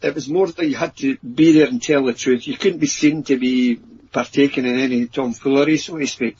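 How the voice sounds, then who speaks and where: A Scottish man, a paranormal researcher and author, telling anecdotes in an animated way on a podcast. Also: medium pitch, brisk, slight background noise. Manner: animated anecdotes acting out quoted voices. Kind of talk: storytelling in a podcast interview. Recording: dull lo-fi audio.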